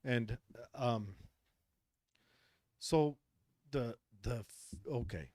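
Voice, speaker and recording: A man's voice: medium pitch, very slow, a little mellow, dry recording, studio quality. Rambling male podcast co-host. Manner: rambling with frequent restarts. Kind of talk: casual chat.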